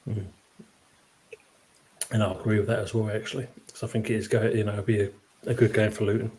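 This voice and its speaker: Easygoing male host, lowish voice, slight noise under the mic. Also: brisk. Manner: leads the running order, relaxed and agreeable. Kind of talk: casual chat.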